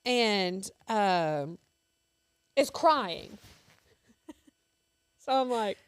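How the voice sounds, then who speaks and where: Sewing on the crafting show she co-hosts, this woman in her thirties spins rambling family stories packed with fillers in casual chat. She sounds animated in a clean, mid-range voice, drawing out words and pausing often.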